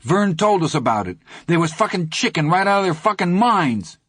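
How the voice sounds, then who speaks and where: A man reading an audiobook, voicing a loud, reckless teenage boy who brays and taunts in a high voice. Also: normal speed, creaky, no echo, heavily acted. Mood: scornful. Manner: braying, taunting. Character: loud wild-eyed teen boy, reckless and jeering.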